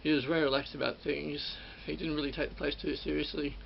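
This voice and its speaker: This middle-aged Australian looks back informally on his days operating rides, rambling and frequently repeating and correcting himself. His delivery is flat and quick, his voice fairly high and creaky. The audio comes across dull, with a faint hiss.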